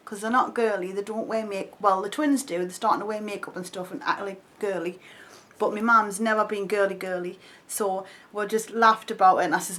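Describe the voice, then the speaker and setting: An excitable woman, unboxing makeup for her vlog. She chats straight to her viewers in a casual, gushing way. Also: mid-range voice, a little slow, poor audio. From North East England. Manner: excitable, chatty, talks to the viewer. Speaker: beauty vlogger.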